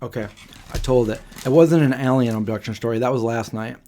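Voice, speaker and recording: A man in his forties hosting a live Q&A stream, telling stories in a rambling, halting way with many pauses and restarts. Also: medium pitch, warm tone, slight background noise. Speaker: livestream host. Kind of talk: casual storytelling on a live Q&A stream.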